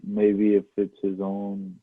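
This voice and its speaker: A man's voice: fairly low pitch, monotone, slow, dry recording. A man co-hosting a podcast, chatting casually about movies in a laid-back way, often saying "dude". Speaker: podcast co-host. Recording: tinny phone-like line.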